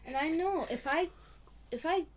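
High-voiced chatty woman. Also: moderate pace, slight background noise. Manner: chatty, many fillers, laughs often. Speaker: podcast co-host. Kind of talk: casual chat.

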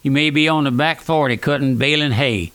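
A man, preaching a fervent radio sermon that swings between raised and hushed lines. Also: fairly high pitch, brisk, clean tone. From South Louisiana. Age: 90s.

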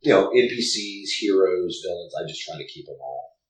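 A man's voice: low-pitched, normal speed, far from the mic. A man who runs tabletop games, chatting casually, starting sentences over and over as he tells stories. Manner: stammering restarts, lively storytelling. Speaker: game master. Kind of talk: casual podcast chat. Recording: roomy echo, from the mic.

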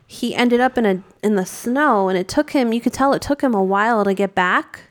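A woman's voice: a little high, brisk. A woman co-hosting a film podcast, chatting casually and recapping the plot with plenty of fillers. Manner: relaxed, laughing, recaps plot with many fillers. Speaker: podcast co-host. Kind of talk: casual chat.

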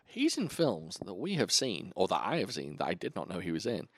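Male podcast host, animated delivery, swears a lot, dry close sound. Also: deep voice, fairly quick, breathy edge, no echo. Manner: enthusiastic, swears often, lists titles. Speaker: podcast host reviewing kung fu films. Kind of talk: casual chat.

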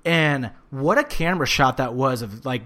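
A man's voice: mid-range voice, moderate pace. Profane, ranting male wrestling podcaster. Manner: animated, profane, rants with bursts of shouting. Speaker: podcast co-host. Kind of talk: casual wrestling recap chat.

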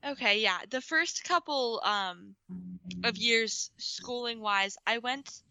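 A woman co-host speaks in a bright, tense-edged voice that sits a bit high. She talks earnestly and restarts her sentences as she searches for words. The sound is dry and close, with no room around it. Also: slow pace, clean tone, dry recording, lo-fi sound. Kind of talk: casual radio interview.

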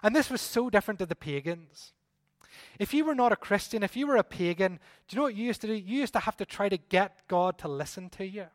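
Male pastor, high voice, animated emphatic sermon delivery, dry close sound. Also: fast, no room sound. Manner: animated, emphatic, with repeated appeals. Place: church service.

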